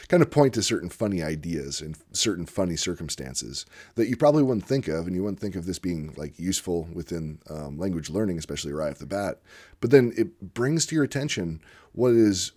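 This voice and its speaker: Male host, very low voice, casual unscripted monologue, rambling and eager. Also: big pitch swings, a little fast, darkish tone. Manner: rambling and enthusiastic, with frequent fillers. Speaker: channel host discussing language teaching; former literacy teacher.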